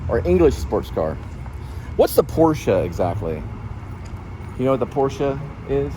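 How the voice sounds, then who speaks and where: A man's voice: medium pitch, big pitch swings, measured pace, dark tone, slight background noise. A man hosting a vlog, chatting casually and musing aloud from a car, often trailing off mid-thought. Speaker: vlog host. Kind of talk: casual chat.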